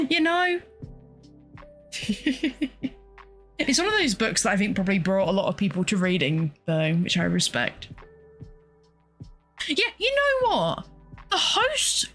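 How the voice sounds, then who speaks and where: A young woman hosts a casual solo chat at a mid-range pitch. She talks in a loose, rambling way, with frequent exclamations and laughter. Faint music plays underneath. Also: fairly bright tone. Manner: rambling and chatty, exclaims often, laughs a lot. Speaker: podcast host and streamer.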